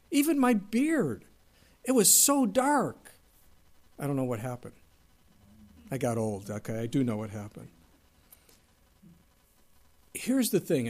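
A man's voice: on the high side, darkish tone. A middle-aged male pastor giving a sermon in a conversational way, with asides and bits of humor.

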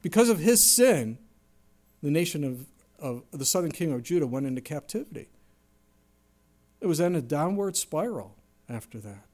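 A middle-aged man preaching a sermon as pastor, animated, acting out quoted voices with sudden jumps in pitch and volume. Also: moderate pace, long pauses.

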